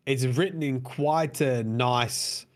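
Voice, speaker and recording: A man's voice: medium pitch, takes it slowly. A man co-hosting a casual chat. He rambles, swears freely and fills gaps with "um" and "like". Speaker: podcast co-host.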